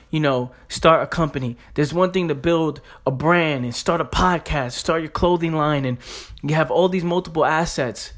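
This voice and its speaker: Fired-up New man, slightly high voice. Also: a bit bright. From New York. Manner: emphatic, street slang, repeats phrases. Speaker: podcast host. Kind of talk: motivational podcast monologue.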